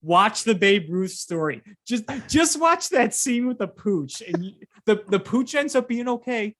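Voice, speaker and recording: A sports podcast co-host in casual chat, telling stories in an animated, ranting way. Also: medium pitch, unhurried. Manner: animated storyteller, ranting about bad movies.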